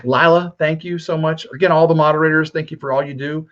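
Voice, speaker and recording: A man's voice: fairly high pitch, steady tone, quick pace, fairly bright tone, muffled recording. Upbeat man signing off a livestream. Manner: upbeat, rambling, thanks viewers by name. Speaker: YouTube livestream host. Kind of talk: casual livestream sign-off.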